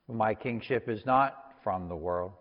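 A calm, quiet Jesus on trial, read by a man in a measured and grave voice. The sound is muffled and lo-fi, with a long hall reverb trailing each phrase. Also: lowish voice, lightly acted. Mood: solemn.

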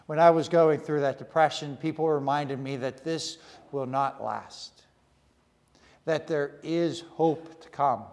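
A man preaching a sermon in earnest, short repeated phrases with pauses. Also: on the high side, fairly even intonation, a little mellow, long reverb tail. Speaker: pastor.

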